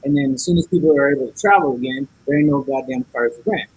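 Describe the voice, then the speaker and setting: A man's voice: mid-range voice, fast, darkish tone, a little hiss or hum, poor audio. A man guest on a podcast, telling a story in casual chat, acting out each side of the dialogue and cursing a lot.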